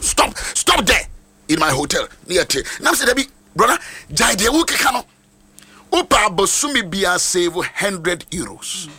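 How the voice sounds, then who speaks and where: A man with a Ghanaian accent preaching a sermon with passion, swinging between chanted lines and shouts. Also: fairly high pitch, creaky, breathy edge. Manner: impassioned, switching between Twi and English, sing-song shouting.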